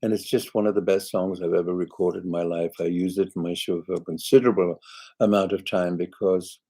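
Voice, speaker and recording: A man's voice: deep voice, steady tone, fairly quick, dark tone, poor audio. An older British man, a singer hosting a live chat, reading viewer comments aloud in a chatty, rambling way. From Britain.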